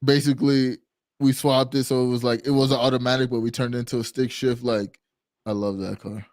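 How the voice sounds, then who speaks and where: A man's voice: medium pitch, flat delivery, fairly quick, a little mellow, no room sound, studio quality. A man guesting on a live stream, telling stories in a loose, rambling way full of fillers. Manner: rambling, filler-heavy storytelling. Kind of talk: casual live-stream chat.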